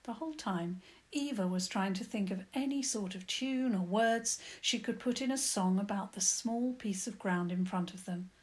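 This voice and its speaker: A woman calmly and gently narrating a children's story. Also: mid-range voice, normal speed.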